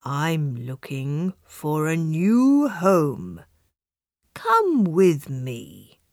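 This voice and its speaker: A woman doing a slow, low-voiced old donkey. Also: very animated, fairly bright tone, no room sound, clean studio sound, heavily acted. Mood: kind. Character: kind old male donkey.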